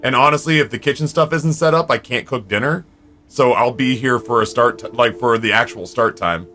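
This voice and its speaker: A man streaming a game from home, telling stories to his viewers in an animated, foul-mouthed, casual way. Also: medium pitch. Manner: animated storyteller, swears freely. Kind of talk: casual chat with viewers while gaming.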